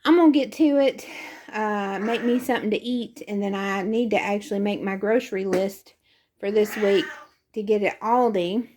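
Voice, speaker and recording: A woman's voice: mid-range voice, normal speed, darkish tone, slight background noise. A young woman chatting casually through a grocery haul, rambling and friendly in tone. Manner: chatty, rambling, talks to her cat in a sing-song voice. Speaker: vlogger.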